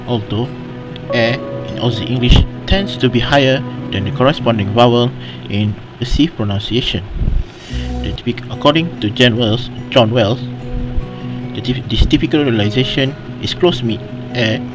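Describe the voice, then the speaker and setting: A man's voice: medium pitch, moderate pace, music in the background. A man student presenting class material hesitantly, correcting himself as he goes.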